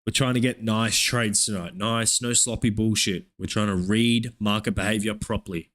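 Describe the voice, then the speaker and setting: Low-voiced man hyping live trades. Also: moderate pace. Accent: Australian. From Australia. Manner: profane, hyped play-by-play with excited oohs. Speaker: live-streaming futures trader. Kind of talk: live trading commentary.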